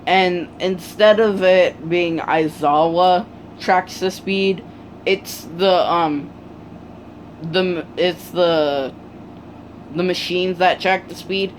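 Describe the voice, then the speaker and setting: Slow, halting fan-story teller. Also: mid-range voice, fairly even intonation, a little hiss or hum, rough recording. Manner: halting, many ums and restarts. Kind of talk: casual fan-fiction retelling.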